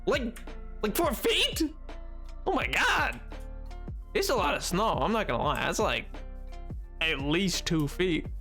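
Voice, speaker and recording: A young man chatting casually on a game stream, excitable and quick to laugh, reading chat aloud. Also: gravelly, faint music behind. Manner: excitable, bursts into high yelps and laughs, reads chat aloud.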